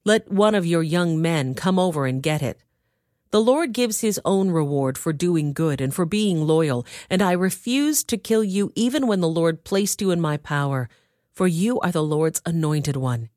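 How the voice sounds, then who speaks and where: A woman's voice: fairly low pitch, animated, normal speed, a little mellow, no room sound, studio quality, close to an everyday voice. A woman voicing the young man David in a Bible reading, with an earnest, raised voice.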